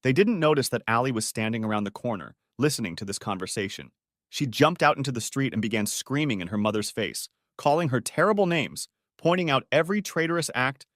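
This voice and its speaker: A man narrating an audiobook story in a measured, scripted reading. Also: mid-range voice, fairly bright tone, no echo, clean studio sound.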